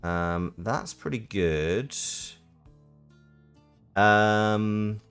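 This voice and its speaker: A man's voice: on the low side, clear, resonant tone, faint music behind. Chatty man reading a game aloud. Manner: animated, chatty, quick asides. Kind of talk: casual game playthrough with narration.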